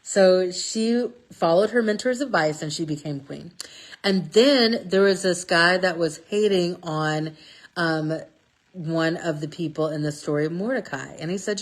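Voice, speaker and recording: A woman telling a Bible story in a casual, lively way, often checking in with "okay?". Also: fairly low pitch, unhurried. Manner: lively, chatty, stresses words with "okay?". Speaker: speaker sharing a Bible passage. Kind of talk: casual storytelling talk about scripture.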